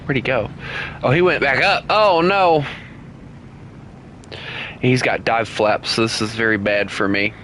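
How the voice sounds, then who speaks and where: Guy on a game stream, bright lowish voice, teasing chat, faint hiss behind. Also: moderate pace. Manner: chatty, teasing viewers, laughs often. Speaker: gaming streamer. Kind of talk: casual live-stream chat while playing.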